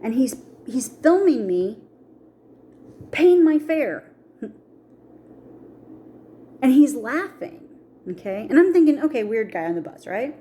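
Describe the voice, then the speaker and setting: Her voice sits high and moves slowly, with frequent pauses, as this middle-aged woman recounts a personal experience in a vlog. She stays animated throughout, imitating the people she quotes.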